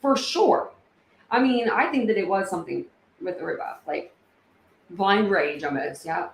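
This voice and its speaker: A woman's voice: mid-range voice, expressive, measured pace, vocal fry. A woman hosts a casual livestream, answering viewers in a chatty, feeling way full of fillers. Her voice rings in a roomy, echoey space with a faint hum of background noise. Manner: chatty, emotional, many fillers. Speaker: livestream host. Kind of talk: casual livestream chat reading comments.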